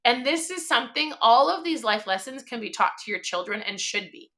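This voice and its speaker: Woman host, thirties, motivational live-stream talk, emphatic and chatty; pitched a bit high with a forceful edge. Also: expressive, fairly quick.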